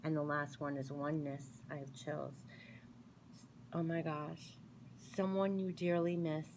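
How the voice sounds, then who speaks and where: A woman's voice: sits low, little pitch movement, measured pace, background noise. A woman doing a casual spiritual card reading, earnestly reading card messages aloud between her own remarks. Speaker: tarot reader.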